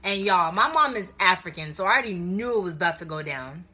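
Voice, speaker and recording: A young woman telling a storytime vlog in an animated, slangy way, talking straight to her viewers. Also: lowish voice, quick pace, soft background music. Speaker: vlogger.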